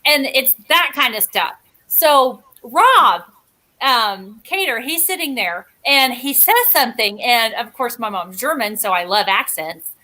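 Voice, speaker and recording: A woman's voice: a little high, animated, measured pace, sharp tone. A woman guest in casual chat who talks in a rambling, chatty and self-mocking way.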